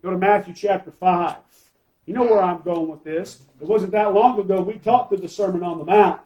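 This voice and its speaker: Male pastor with a high voice, emphatic sermon with rhetorical questions. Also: moderate pace, warm tone, dull audio.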